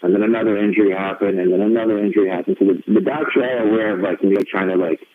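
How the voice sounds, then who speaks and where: A deep-voiced man tells a long story as a guest, loose and animated, slipping into little acted voices for the people he quotes. His voice comes through a thin, phone-like line. A faint hiss sits under it. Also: rapid-fire. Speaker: guest wrestler. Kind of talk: storytelling in casual interview. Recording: tinny phone-line sound with faint noise.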